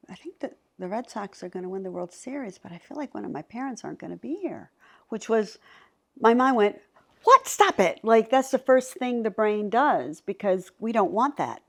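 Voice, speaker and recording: Middle-aged woman telling stories, gets lively and acts out the voices, medium-pitched. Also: normal speed. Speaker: psychic medium guest. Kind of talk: storytelling in a conversation.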